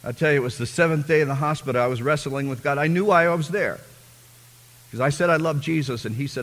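A man preaching a personal testimony as a sermon, telling his story with fervor and swinging from hushed, quiet passages to loud, impassioned ones. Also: on the high side, fast, in a large hall.

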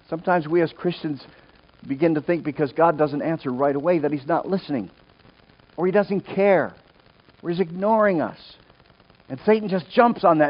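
A middle-aged male pastor preaching an earnest sermon to his congregation, moving between loud emphasis and quiet storytelling. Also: medium pitch. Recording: dull lo-fi sermon recording.

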